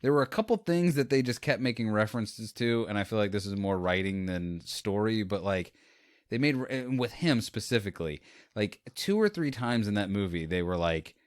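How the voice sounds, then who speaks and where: Podcast co-host, male, lowish voice, dry close sound, rambling animated movie talk. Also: normal speed, no room sound. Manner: rambling, animated retelling with quoted lines and laughs. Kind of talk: casual movie review chat.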